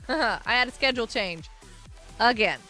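Giggly woman streamer, high lively voice, bright, some music playing behind. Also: takes it slowly. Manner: chatty, giggly, reads chat aloud. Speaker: livestream host. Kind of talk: casual gaming livestream chat.

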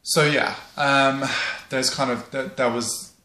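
A man's voice: medium pitch, fairly even intonation, slow pace, bright, forceful tone. Young guy rambling at the camera, lots of ums and swearing, kinda echoey. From England. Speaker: vlogger. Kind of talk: casual talk to camera. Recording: roomy echo.

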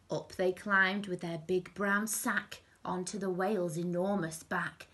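A woman reading a rhyming picture book aloud to children in an expressive, sing-song rhythm. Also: fairly low pitch, unhurried, few pauses, slightly rough. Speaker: storyteller.

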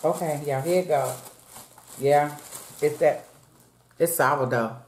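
Her low voice is steady and a little mellow, moving slowly, as this vlogger eats and makes easygoing conversation with her audience. She calls them "y'all," and the room has an echo.

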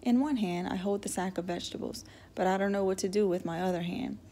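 A woman narrating a novel in the first person with steady, even storytelling. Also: mid-range voice, quick pace. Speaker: audiobook reader.

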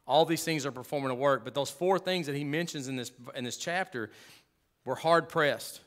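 A pastor preaches a sermon in an emphatic yet conversational way, swinging between loud and hushed and tossing in humorous asides. His voice sits on the high side, at a moderate pace.

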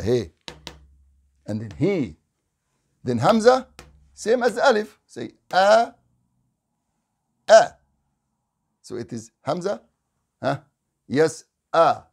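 A man's voice: medium pitch, gravelly. A man teaching Quran recitation in a live online lesson, drilling letter sounds in short repeated syllables and correcting them, with Quranic phrases recited in chant.

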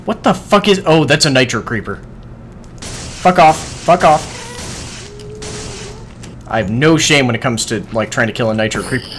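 A man gives casual let's-play commentary while he plays, excitable and quick to swear as he talks to the game's creatures. His pitch swoops up and down all the time. A faint hiss of noise sits under the voice. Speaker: gaming video host.

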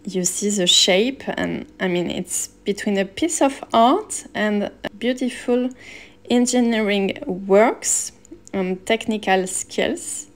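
A woman's voice: mid-range voice, takes it slowly. A woman narrating a shopping vlog as a personal shopper and stylist, chatty and enthusiastic. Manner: relaxed, chatty, enthusiastic about pieces. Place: Paris shops and rooftop.

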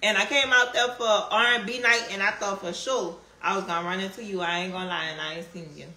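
Bright-voiced woman. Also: medium pitch, fast. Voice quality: strong Southern drawl, relaxed slang. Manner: chatty, answers comments, laughs often. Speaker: livestreamer chatting with viewers. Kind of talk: casual live stream chat. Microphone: phone. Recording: echoey room, faint background hum.

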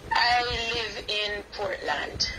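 A woman with a Jamaican accent calling in, speaking hesitantly and apologetically with many pauses. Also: mid-range voice, animated, music in the background, poor audio. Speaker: caller.

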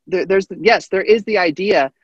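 A man's voice: high-pitched, moderate pace, slightly rough, no room sound, dull audio. A man guest arguing emphatically, repeating his points in a heated debate. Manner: emphatic, repetitive. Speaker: podcast guest.

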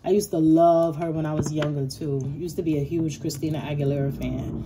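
A young woman, giving a casual tarot reading in a blunt, profane, animated way. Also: low-pitched, fairly quick, noisy background. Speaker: tarot reader.

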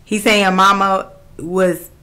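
A woman's voice: mid-range voice, little pitch movement, slow, bright, forceful tone. A woman working as a spiritual medium, earnestly relaying messages in a channeling reading and repeating key phrases.

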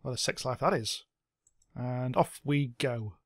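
An excitable man gives casual let's-play commentary at a middling pitch, cursing freely and breaking into little sound effects. His voice sits dry and close, with almost no room around it. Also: measured pace, dry recording. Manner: excitable, swears a lot, makes silly sound effects. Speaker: gameplay commentator.

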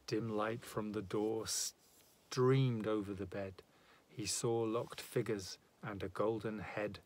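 A man's voice: fairly low pitch, fairly even intonation, darkish tone. A man giving a dramatic, rhythmic reading of a rhyming narrative poem. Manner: measured, rhythmic verse delivery. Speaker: poetry reader.

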